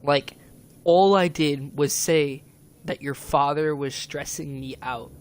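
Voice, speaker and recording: Young male streamer, slightly high voice, rambling upset rant full of swearing. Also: fairly even intonation, slow, a little hiss or hum. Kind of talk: casual venting monologue.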